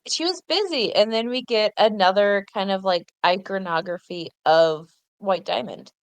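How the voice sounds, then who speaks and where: A woman's voice: mid-range voice, moderate pace, smooth, dry recording. A woman co-hosting a cartoon recap podcast, chatting with enthusiasm and stopping to correct herself mid-thought. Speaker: podcast co-host. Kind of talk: casual chat.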